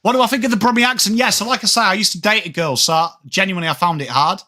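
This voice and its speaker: A man's voice: high voice, racing, pushed and bright. A man in his thirties with a Yorkshire accent, hosting a live sports watchalong and chatting with viewers as he answers their comments. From England. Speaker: livestream host.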